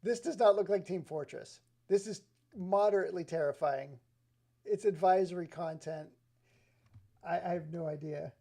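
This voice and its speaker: Gravelly, mellow-voiced excitable male streamer. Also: sits high, moderate pace. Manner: excitable, scattered, talks to chat, laughs often. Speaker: live streamer. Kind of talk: rambling live-stream chat with viewers.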